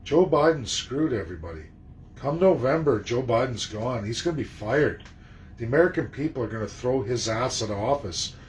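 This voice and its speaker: A man's voice: medium pitch, animated, normal speed, slight background noise, poor audio. A man delivering an emphatic, indignant political monologue, throwing rhetorical questions at his audience and swearing freely. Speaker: political commentator.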